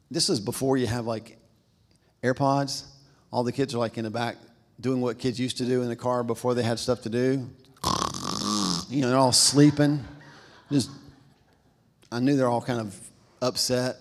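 A man preaching from the pulpit, working a personal story into his sermon and acting out the people in it. His voice sits in the middle range and carries with a long reverb through a large church hall. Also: medium pitch. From American South. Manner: storytelling, acts out quoted voices, says "y'all". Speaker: pastor.

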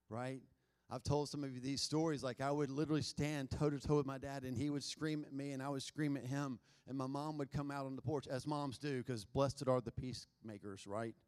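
A pastor preaching a sermon, moving between loud emphasis and quiet asides. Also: male voice, mid-range voice, smooth.

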